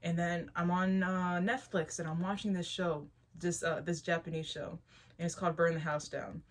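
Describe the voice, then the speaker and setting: A young adult woman talking casually to camera as a spiritual vlogger, rambling, animated, laughing often and restarting her sentences. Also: fairly low pitch, moderate pace.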